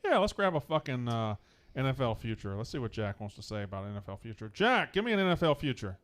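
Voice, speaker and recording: A man's voice: medium pitch, very animated, fairly bright tone. A man hosting a sports gambling talk show, loose and joking with his co-hosts. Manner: loose, joking, quick to laugh. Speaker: host.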